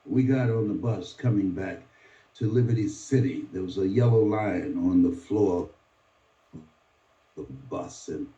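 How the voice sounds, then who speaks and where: Speaking in a deep, dark voice and taking his time, a seventy-something man from Miami, USA gives a motivational talk. He tells it as dramatic storytelling, his voice changing sweepingly. The recording is lo-fi, dull, echoey and distant.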